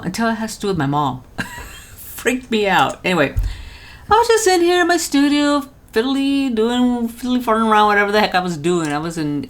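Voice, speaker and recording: An older woman vlogger telling a story in a casual way from her home studio, jumping high in pitch when she quotes others. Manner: lively, jumps high when quoting others.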